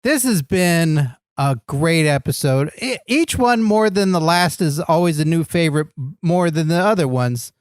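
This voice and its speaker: High-voiced jokey podcast co-host man. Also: animated, a little slow, hardly any pauses, smooth, no echo, clean studio sound. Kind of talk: comedic podcast banter.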